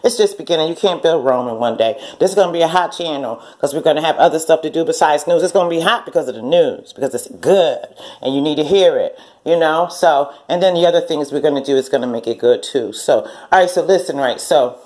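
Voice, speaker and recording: A woman's voice: low voice, fast, a little mellow. A woman in her forties telling a story in a casual rant, blunt and profane, often laughing and acting out what people said. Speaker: channel host.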